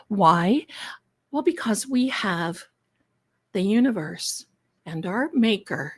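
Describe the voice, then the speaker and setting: Slow, chatty woman hosting a livestream. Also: medium pitch, lively intonation, fairly bright tone, husky, dry recording. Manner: chatty, theatrical, addresses viewers as darlings. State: congested from allergies. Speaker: livestream host. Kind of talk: casual livestream chat.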